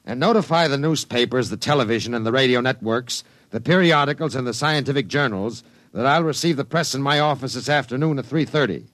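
A man's voice: medium pitch, fairly quick, fairly bright tone, lightly acted. A man as a ruthless tycoon barking orders. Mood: commanding. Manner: clipped, commanding orders. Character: domineering male business tycoon, curt, ruthless. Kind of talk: 1950s radio drama acting.

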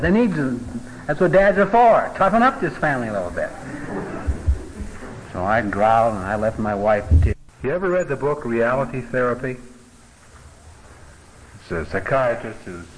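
A man's voice: medium pitch, poor audio. Man, Bible teacher, conversational and joking, mid-range voice, slight background hiss. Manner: conversational, joking asides, many fillers. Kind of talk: folksy Bible teaching talk.

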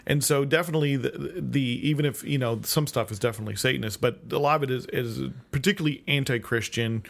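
A man's voice: medium pitch, quick pace, gravelly. Rambling man in a casual podcast chat. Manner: rambling, many restarts and asides, laughs often. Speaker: podcast co-host. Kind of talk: casual conversation.

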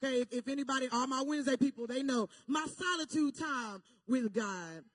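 A young woman gives a personal testimony in the style of a sermon. Her voice sits very high. She talks straight to her listeners, keeps checking in with them, and climbs into loud, fervent call-and-response preaching. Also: brisk, no room sound, studio quality. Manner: animated, repeats "okay?" and "y'all" to the listeners.

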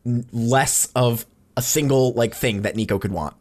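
A man co-hosting a casual podcast chat, telling stories with lively swearing. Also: medium pitch, normal speed. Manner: animated storytelling, swears freely. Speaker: podcast co-host.

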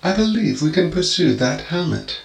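A man voicing a calm, polite robotic butler with a formal, gentle manner. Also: on the high side, moderate pace, echoey room, background noise, voice pushed up.

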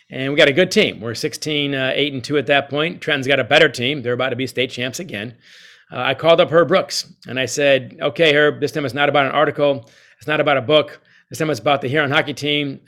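Male guest, author and ex-coach, animated storyteller, swings between loud and soft. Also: medium pitch. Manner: animated, quotes others, shifts loud and soft. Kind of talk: storytelling interview answer.

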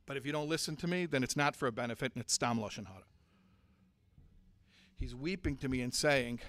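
A man teaching and preaching to a community audience, moving from hushed storytelling to forceful, impassioned exhortation. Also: medium pitch, brisk, no room sound. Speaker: Torah teacher and speaker.

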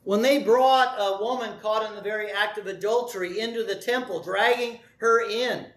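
A middle-aged pastor preaching a sermon, telling the story dramatically and acting out voices, swinging from loud cries to near-whispers. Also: male voice, sits high.

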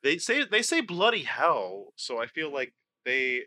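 A young man co-hosting a casual comedy podcast, rambling and self-deprecating, with a lively, joking delivery. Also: medium pitch, a little slow, dry recording. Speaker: podcast co-host.

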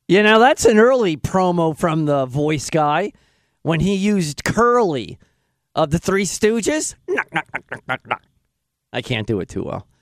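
A man hosting a radio show, talking in an excitable, self-deprecating way. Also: fairly high pitch, unhurried, dry recording, clean studio sound. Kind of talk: casual radio chat.

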